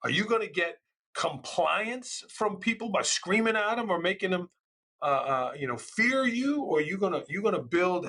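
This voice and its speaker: Middle-aged New educator; loud, passionate storyteller, slightly high, bright tone. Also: male voice, moderate pace. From New York. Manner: passionate, loud, storytelling with animated quoted voices. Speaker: school administrator, guest. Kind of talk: conversational interview.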